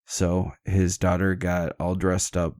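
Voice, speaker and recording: A man's voice: deep voice, monotone, slow pace, darkish tone, no room sound. A man hosting a podcast, retelling a legend in a casual, irreverent and jokey way, swearing freely. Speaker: podcast host. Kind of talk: casual storytelling chat.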